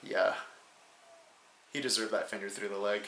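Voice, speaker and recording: A young man telling a comedic high school story in a rambling way, with many fillers and laughs between phrases. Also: steady tone, moderate pace, gravelly, a bit bright, slight background noise. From New Hampshire, USA. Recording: roomy echo.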